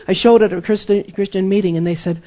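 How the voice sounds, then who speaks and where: A man's voice: high voice, steady tone, fast, mellow. A man preaching a sermon, emphatic and repeating key phrases for effect. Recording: dull lo-fi sermon recording.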